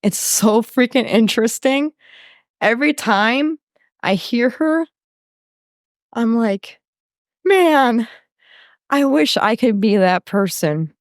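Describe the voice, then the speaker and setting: A woman's voice: fairly high pitch, expressive, no room sound, studio quality. A woman from New York talking loosely as a podcast guest, full of fillers and tangents. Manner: slow, loose and talkative, with fillers. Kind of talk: casual interview chat.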